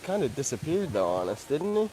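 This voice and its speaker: Excitable man chatting on a livestream. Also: on the high side, brisk, poor audio. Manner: excitable, chatty, talks to the animals. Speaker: livestream vlogger. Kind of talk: casual livestream chat. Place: outdoors at an animal park.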